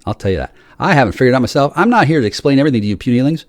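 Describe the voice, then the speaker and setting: A man in a rambling, profane monologue that swings from shouting to low muttering, often repeating and restarting his words. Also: very animated, very fast, no echo, clean studio sound. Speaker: solo speaker.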